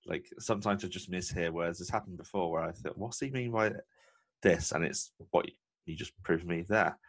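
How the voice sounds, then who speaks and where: A man's voice: sits low, fairly even intonation, a little fast, a bit bright, slightly rough. A man hosting a podcast in casual, jokey chat. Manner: chatty, jokey, self-deprecating. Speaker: podcast host.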